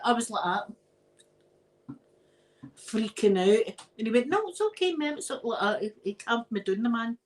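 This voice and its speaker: A Scottish woman, host of her own channel, telling personal stories in a chatty, animated way and laughing often. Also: a little high, unhurried, long pauses, rough recording. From Scotland. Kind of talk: casual storytelling chat.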